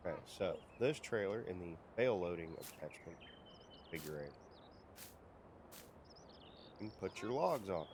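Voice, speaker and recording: A man's voice: low voice, animated, moderate pace, long pauses. A man streaming a farming game, rambling and chatty as he narrates what he does and talks to himself. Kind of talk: casual gameplay commentary. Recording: loud background noise.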